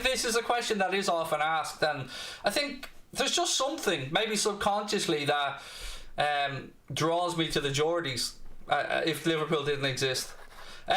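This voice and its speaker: Dublin Irish host, blunt and cheeky, bright edgy voice, a bit high, roomy echo. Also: male voice. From Ireland, Dublin. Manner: blunt, cheeky, swears freely. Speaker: fan channel host. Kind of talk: football watchalong chat.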